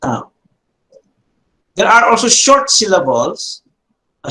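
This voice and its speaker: A man teaching a Biblical Hebrew grammar class, speaking slowly, repeating terms and checking in with "no?" and "okay?". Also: fairly high pitch, bright, forceful tone, roomy sound, rough recording.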